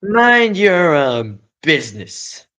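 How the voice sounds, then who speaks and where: A man voicing a greedy male rat in a storybook, shrieking his lines in a shrill scolding voice. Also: very animated, slow pace, pushed and bright, full character voice, low-quality recording.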